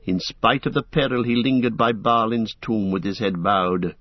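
A man reading a fantasy novel aloud as a steady audiobook narrator. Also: lowish voice, moderate pace, dry recording, muffled recording.

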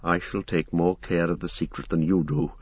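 A man's voice: low voice, steady tone, breathy edge, no echo, dull audio. A man doing Strider, a grim watchful ranger. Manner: measured, guarded, grim. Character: wary grim male ranger, weathered and watchful. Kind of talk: audiobook character voice.

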